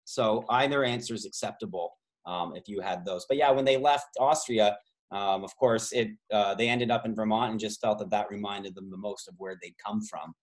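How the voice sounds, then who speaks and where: A Canadian man who works as a trivia host and tour guide runs a travel trivia game over a video call. His voice is on the low side at a moderate pace, and he rambles through side stories full of fillers.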